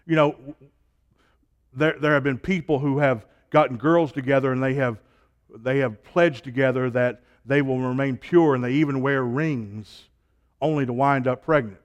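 A man preaching a sermon, stacking emphatic repeated phrases and dropping to a low, quiet delivery between them.

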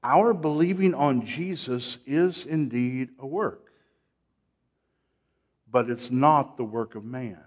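A man preaching a sermon. He repeats his phrases, calls for amens and swings from hushed lines to loud, rising ones. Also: medium pitch, slow pace, long pauses.

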